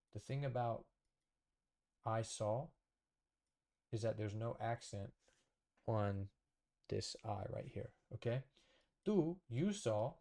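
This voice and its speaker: A man's voice: lowish voice, gravelly, warm tone. A man teaching a casual whiteboard lesson, thinking aloud, correcting himself and checking in with the viewer. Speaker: language teacher.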